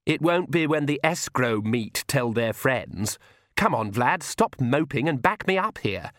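A man's voice: mid-range voice, very animated, unhurried, a bit bright, no room sound, studio quality, pitched above the performer's own voice. A man voicing a sneering, haughty young female vampire in a snide, scornful tone.

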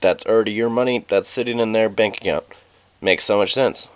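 A man's voice: lowish voice, a little fast, clean tone, dry recording. A man co-hosting a podcast in casual chat, blunt, with sardonic quips. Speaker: podcast co-host.

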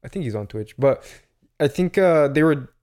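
A young man with a Canadian accent chats loosely on a podcast. His voice sits a bit high, and he ends nearly every thought with slang. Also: expressive, normal speed, a little mellow. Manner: slangy, says bro a lot. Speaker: podcast co-host. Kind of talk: casual chat.

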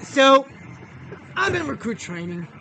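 Middle-aged man, former Marine, casual storytelling, crude and animated, bright tone, faint background hiss. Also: very high-pitched, measured pace. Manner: animated, profane, acts out the voices of the people in his story. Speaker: podcast guest, former Marine.

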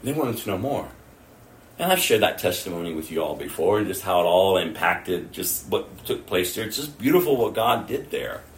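A man's voice: low-pitched, sing-song, moderate pace, a little hiss or hum. A man preaching a sermon, telling stories and acting out his own prayers and other people's words. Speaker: pastor. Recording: echoey room, mic at a distance.

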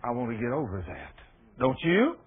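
A man's voice: mid-range voice, huge pitch swings, moderate pace, husky. A man preaching a sermon in a folksy, storytelling way with plain dialect grammar. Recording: tinny phone-like radio broadcast.

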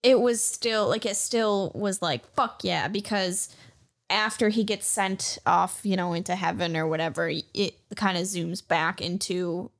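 A young woman co-hosting a podcast in casual chat, blunt and quick to swear while reacting. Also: medium pitch, gravelly. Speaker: podcast co-host.

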